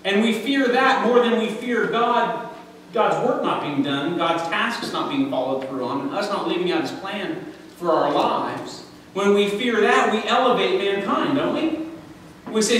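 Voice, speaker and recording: A man's voice: sits high, expressive, moderate pace, a bit bright, slight background noise. A man preaching a sermon as pastor, conversational and joking, reading scripture aloud in a church. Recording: echoey church hall, voice from far off.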